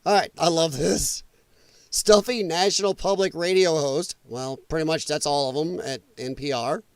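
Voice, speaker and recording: A man's voice: a little high, fairly even intonation, normal speed, smooth, no room sound. A man hosting a late-night news livestream, ranting casually and sarcastically about the headlines. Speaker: livestream host.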